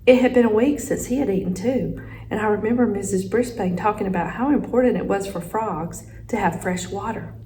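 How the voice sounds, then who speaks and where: A woman reads a children's chapter book aloud, telling the story expressively at a middling pitch. Faint noise sits under her voice. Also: fairly quick, dark tone, rough recording. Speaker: teacher reading aloud.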